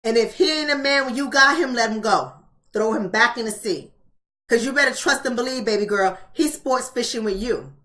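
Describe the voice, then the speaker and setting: A woman hosts a live-streamed book club, preaching her points bluntly and hammering them home with repeated rhetorical questions. Her voice sits a little high and carries a bright, forceful edge. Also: moderate pace.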